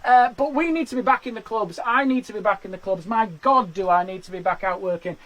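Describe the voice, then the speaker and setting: A man's voice: sits high, fairly quick, a bit bright, low-quality recording. A man, a stand-up comedian, chatting and laughing through the end of his live-streamed show from a garden shed into a webcam. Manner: chatty, self-deprecating, laughs at his own lines.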